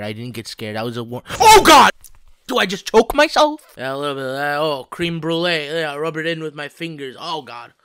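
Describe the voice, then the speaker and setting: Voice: medium pitch, a bit bright, smooth, no room sound. A gaming YouTuber reacting to a horror game, jumpy, with sudden shrieks and constant claims of not being scared.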